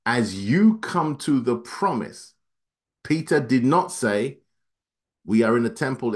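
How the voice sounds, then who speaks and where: In a lively sermon, the man reads scripture at a brisk pace. He pushes his voice upward for emphasis and then lets it fall to a soft, low hush.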